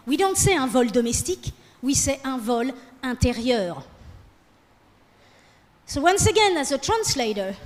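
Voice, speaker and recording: Female lecturer, high voice, lively, long hall reverb. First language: French. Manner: lively, keeps asking "okay?". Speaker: guest lecturer. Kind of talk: classroom lecture.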